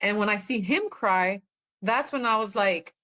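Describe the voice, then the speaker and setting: A woman's voice: mid-range voice, unhurried, fairly bright tone. A woman, a guest on a podcast, telling her own story in a rambling, earnest way with many fillers. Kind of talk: personal testimony in conversation.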